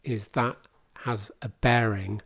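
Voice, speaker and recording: A man's voice: on the low side, fairly even intonation, slow, creaky, a bit bright, husky, dry recording. A man in his fifties, a podcast guest telling a long, rambling story with dry humour. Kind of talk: casual conversation.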